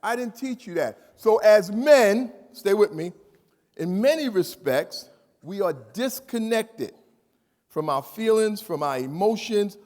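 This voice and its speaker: A man giving an animated, emphatic talk to a live audience of students, repeating phrases and questioning the crowd. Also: sits high, slow pace. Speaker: speaker addressing students. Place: large hall. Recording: reverberant hall.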